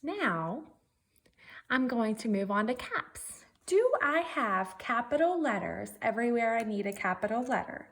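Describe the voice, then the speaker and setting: A woman's voice: on the high side, big pitch swings, unhurried, slightly rough. A woman teacher giving a virtual writing lesson, working through her draft methodically and thinking aloud step by step.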